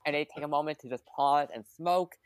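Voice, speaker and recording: A woman casually recapping a movie plot for a podcast, with lively quoted asides. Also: sits low, a little fast, clean tone, dry recording. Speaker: podcast guest.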